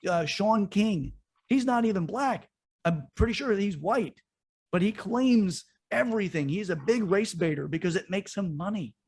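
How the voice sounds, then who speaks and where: A man's voice: high voice, lively intonation, moderate pace, darkish tone, slightly rough. A man co-hosting a podcast, ranting in a heated, profane way during casual political chat. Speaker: podcast co-host.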